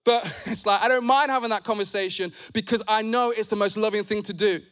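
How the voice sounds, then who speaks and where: A man's voice: high voice, steady tone, a little fast, a bit bright. A man preaching a sermon at a church service, passionate and emphatic, with blunt, direct appeals to his congregation.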